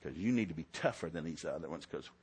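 A man's voice: extremely low pitch, lively intonation, fast talker, slight background noise. A middle-aged man, preaching a sermon in a folksy storytelling way. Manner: folksy storytelling, swings to loud shouted preaching. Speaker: pastor.

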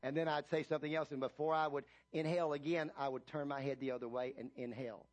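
A man, a pastor, preaching a sermon, retelling a story with many restarts and building to loud emphatic reading of scripture. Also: on the high side, steady tone, quick pace. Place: church.

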